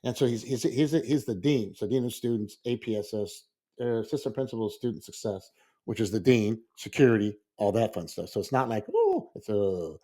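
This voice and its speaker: A man's voice: lowish voice, brisk, dark tone. Rambling storytelling man. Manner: rambling, repeats words, acts out quotes. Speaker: podcast co-host. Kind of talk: casual storytelling chat.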